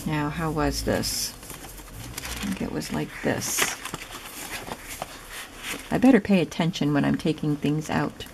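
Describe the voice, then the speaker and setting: A woman casually narrating a show-and-tell of a handmade journal, soft, chatty and admiring as she thinks aloud. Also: deep voice, unhurried, creaky, pauses often, noisy background. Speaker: craft vlogger showing a gifted journal.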